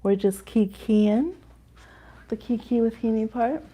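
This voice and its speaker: A woman's voice: fairly high pitch, measured pace, mellow, slightly rough. A woman hosting a live astrology reading stream, chatting casually and rambling with frequent laughter.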